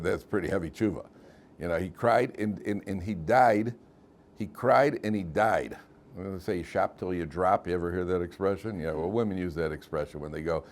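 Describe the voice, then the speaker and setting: A middle-aged man teaching a class as a rabbi, telling stories and jokes, often repeating and restarting his phrases. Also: on the low side. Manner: animated storyteller, repeats phrases, many restarts. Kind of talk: casual lecture with jokes.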